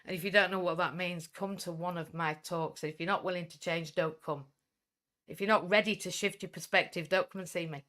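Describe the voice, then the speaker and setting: A woman's voice: lowish voice, steady tone, fairly quick, fairly bright tone. A blunt, outspoken woman with a Welsh English accent who runs a coaching business, giving a livestream talk and swearing when she gets fired up.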